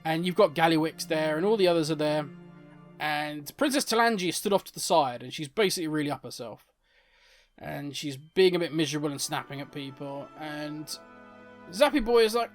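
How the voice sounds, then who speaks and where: A man's voice: on the high side, expressive, brisk, soft background music. A man hosting a casual, opinionated commentary on game lore, often exasperated.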